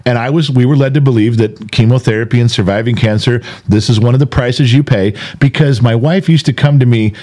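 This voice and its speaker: A man's voice: mid-range voice, a little fast, hardly any pauses, darkish tone. Earnest man telling his story. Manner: earnest, emphatic, repeats himself. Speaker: podcast host. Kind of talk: candid conversational interview.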